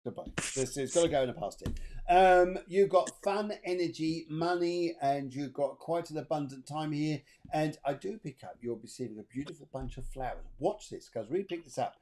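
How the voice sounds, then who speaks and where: A chatty, upbeat man reads for viewers on a live-streamed spiritual show. His voice sits a little high for a man, with a mellow, relaxed tone. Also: moderate pace. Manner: chatty and upbeat, sings snatches of song in falsetto. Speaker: spiritual medium, co-host. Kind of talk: live-streamed psychic reading.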